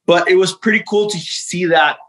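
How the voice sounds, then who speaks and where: Guy rambling about dad life, stumbles over words a lot, slightly high voice. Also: moderate pace, a bit bright, low-quality recording. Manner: rambling, repeats words, acts out quotes. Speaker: interview guest, father. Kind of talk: casual storytelling chat.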